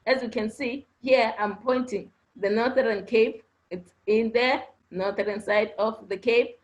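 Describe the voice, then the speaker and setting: Slow, patient woman teacher. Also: on the high side, steady tone, dull audio. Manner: patient, repeats points, checks answers with "okay?". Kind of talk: online class lesson. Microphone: online video class audio.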